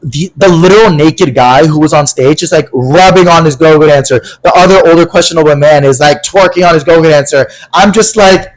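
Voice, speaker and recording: Young guy cohosting a pod, slightly high voice, super animated storytelling, swears a lot. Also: fairly quick, hardly any pauses, rough recording. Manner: animated, dramatic quoted voices, swears freely. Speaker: podcast co-host. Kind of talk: casual storytelling.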